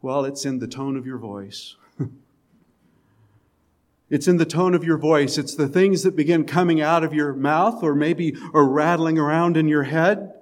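A man preaching a sermon in a conversational way, with quiet, emphatic lines and the odd chuckle. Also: on the high side, unhurried. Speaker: pastor.

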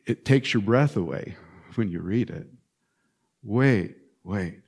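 A male pastor preaching a sermon in an animated, emphatic way, swinging between loud stresses and hushed lines and repeating short phrases. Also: lowish voice, takes it slowly, breathy edge.

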